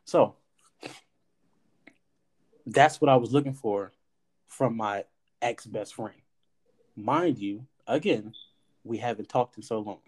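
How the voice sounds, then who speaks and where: A man in casual podcast chat, telling a personal story with animated energy. He acts out the lines people said to him and drops the odd curse word. His voice sits at an ordinary middle pitch. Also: slow pace, pauses often. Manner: animated storyteller, acts out quoted dialogue, swears. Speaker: podcast host.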